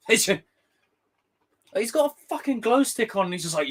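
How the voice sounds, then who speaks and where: A man streaming live and reading out chat, talking casually and ranting in an animated, exasperated way, swearing freely. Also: high voice, normal speed, pauses often.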